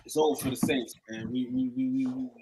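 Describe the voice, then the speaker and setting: A man's voice: medium pitch, fairly even intonation, brisk, background noise. A man co-hosting a casual sports chat, slangy and laid-back. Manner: slangy, laid-back, calls people dog. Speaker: sports podcast co-host.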